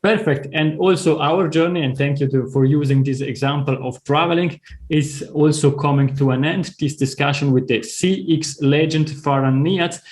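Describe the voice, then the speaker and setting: A man hosting an interview podcast, speaking in a polite, measured way. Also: on the high side, darkish tone. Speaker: podcast host. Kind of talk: interview wrap-up.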